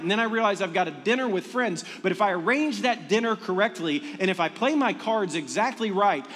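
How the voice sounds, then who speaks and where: A middle-aged man, a pastor, preaching a sermon in a conversational, animated storytelling manner to his congregation in a church. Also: high-pitched. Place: church sanctuary. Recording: long reverb of a large hall.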